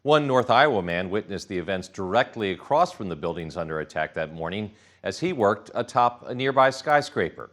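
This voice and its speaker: A man's voice: on the low side, a bit bright. A man anchoring a news broadcast, reading a formal, solemn introduction.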